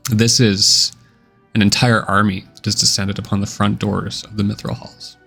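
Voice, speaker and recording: A man narrating a fantasy tabletop game as game master in a relaxed, descriptive way. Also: on the low side, moderate pace, vocal fry, husky, soft background music. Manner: relaxed, descriptive, many uh and kinda fillers.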